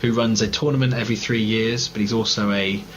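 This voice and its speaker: A man's voice: fairly low pitch, steady tone, fairly quick, highs cut off, a little hiss or hum. An English man co-hosting a casual film review chat, rambling and correcting himself as he goes. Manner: rambling, hesitant, self-correcting. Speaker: film review podcast co-host.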